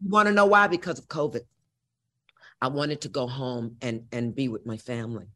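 With a sharp-toned bass voice at normal speed, a woman in her sixties from Missouri tells her life story. She's an interview guest, and her telling is brassy, dramatic and full of profanity.

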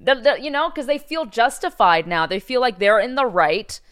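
A woman's voice: on the high side, lively intonation, moderate pace, fairly bright tone. A woman co-hosting a casual chat, speaking earnestly and frankly, with emphatic points. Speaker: podcast co-host.

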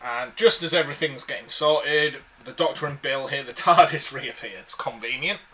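A man's voice: medium pitch, moderate pace, pushed and bright. A man co-hosting a casual podcast chat, recapping a story with wry asides. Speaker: podcast co-host.

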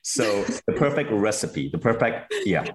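A man hosting a podcast interview who speaks in a measured way, summing up points and guiding the questions. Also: lowish voice, big pitch swings, a little hiss or hum. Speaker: podcast host.

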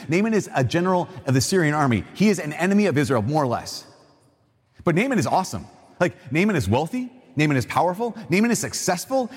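Man, casual sermon, animated storytelling, fairly high husky voice, long hall reverb. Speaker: preacher.

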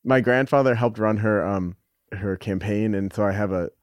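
A middle-aged man, a podcast guest, talking candidly and thoughtfully, with halting restarts and the odd swear word. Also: lowish voice, dry recording, studio quality. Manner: reflective, halting, with frequent restarts and casual swearing. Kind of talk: candid conversational storytelling.

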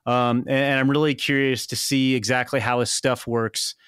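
A man's voice: mid-range voice, level tone, moderate pace, a bit bright, clear, resonant tone, no echo, clean studio sound. A man on a baseball podcast, talking through prospects in detail with self-deprecating asides. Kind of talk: casual podcast chat.

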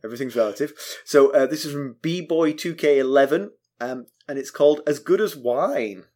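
A man's voice: medium pitch, moderate pace, darkish tone. A man co-hosting a podcast in casual chat, making wry, dry asides and stumbling over his words. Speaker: podcast co-host.

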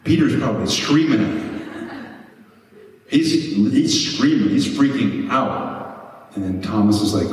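A man's voice: mid-range voice, measured pace, pauses often. A man preaching a sermon as a pastor, impassioned and building to emphatic peaks. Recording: echoey hall, mic far off.

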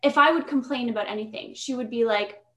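Podcast guest, young woman, upbeat and talkative, a bit higher pitched. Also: a little fast. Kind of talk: casual podcast conversation. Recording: roomy echo.

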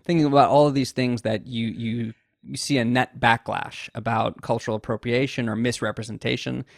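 A man hosting a casual discussion, talking in a thoughtful, measured way with frequent restarts. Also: medium pitch, fairly even intonation, creaky, no echo, clean studio sound.

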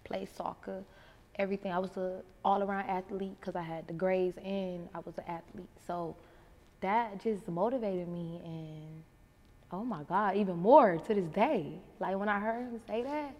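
Miami woman, animated guest storyteller, casual, hall reverb. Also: medium pitch, moderate pace. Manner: animated storyteller acting out quotes. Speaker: interview guest. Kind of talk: casual interview chat.

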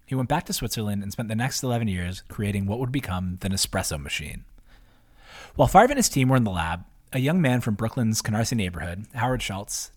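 A man reading his own newsletter post aloud as scripted narration, in a chatty way with wry asides. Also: on the low side. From half Italian.

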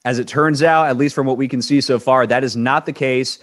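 A man's voice: mid-range voice, steady tone, a little fast. A man of Cuban descent co-hosting an entertainment news show, giving a blunt, emphatic opinion and often repeating words as he builds his point. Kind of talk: opinionated co-host chat.

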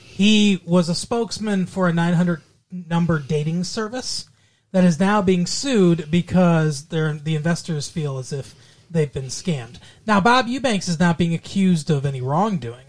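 A man's voice: on the high side, unhurried, darkish tone. A young man co-hosting a casual comedic chat show, playful and teasing as he talks. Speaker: co-host.

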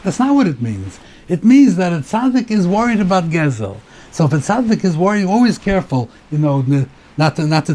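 A man's voice: on the high side, a little mellow. Man lecturing, mixing Hebrew terms. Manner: halting, repeats words while thinking; mixes Hebrew terms into English. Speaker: rabbi teaching Torah. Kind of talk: Torah lecture.

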